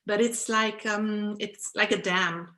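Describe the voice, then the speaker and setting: A woman's voice: medium pitch, steady tone, slow pace, bright, forceful tone. A woman from Germany with a German accent, a guest coach talking casually on a video call, explaining with frequent laughs and ums. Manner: laughs often while explaining, with many ums.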